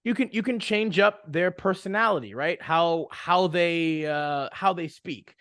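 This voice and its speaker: A man's voice: fairly high pitch, a little slow, fairly bright tone, no room sound, clean studio sound. A young man co-hosting a casual podcast, giving advice to new game masters in a rambling way, full of fillers and restarts. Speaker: podcast co-host.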